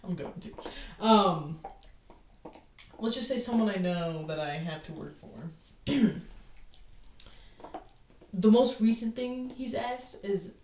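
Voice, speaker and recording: A young woman tells stories in a casual, rambling manner, packed with "like" and swearing, slowly and with long pauses. Her medium-pitched voice is lively in intonation and a little mellow, captured from a distance in her living room with a roomy, off-mic sound and faint noise.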